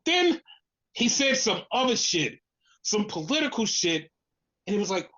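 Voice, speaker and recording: On a lo-fi recording, an unhurried podcast co-host launches into a casual, exasperated rant full of swearing. He stays animated throughout, impersonating others in a lower register.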